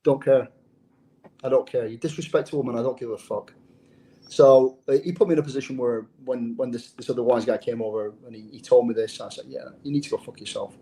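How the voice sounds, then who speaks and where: A man tells his undercover past in a casual interview, speaking bluntly and swearing freely. His voice is dark and mellow, and he keeps doubling back on his words as he goes. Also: mid-range voice, steady tone, a little fast. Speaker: former undercover officer, guest.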